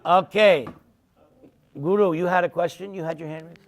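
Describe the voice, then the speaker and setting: A man's voice: high voice, moderate pace. A man telling humorous stories to an audience and taking their questions in a casual talk. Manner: humorous, animated storytelling. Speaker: speaker answering questions.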